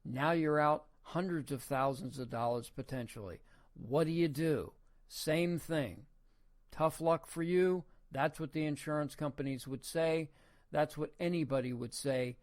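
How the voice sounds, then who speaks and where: A podcast host giving a casual opinion monologue, talking in a folksy way full of rhetorical questions and frequent restarts. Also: male voice, a little high, measured pace.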